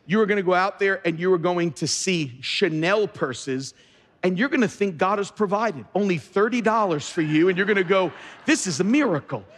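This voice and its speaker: High-voiced preacher in a big reverberant hall. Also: male voice, normal speed, a bit bright. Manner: emphatic, repeats words when starting sentences. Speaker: pastor. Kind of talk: sermon. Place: large church sanctuary. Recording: long reverb of a large hall.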